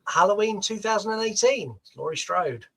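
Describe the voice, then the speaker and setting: Bright-voiced teasing man. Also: sits high, lively intonation, vocal fry, low-quality recording. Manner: teasing, crude, quick-witted. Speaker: podcast co-host and quiz setter. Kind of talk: casual chat. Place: podcast studio.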